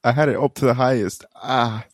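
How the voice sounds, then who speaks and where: A man's voice: medium pitch, no room sound, clean studio sound. A young man co-hosting a podcast, joking and teasing in casual chat and laughing often. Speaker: podcast co-host.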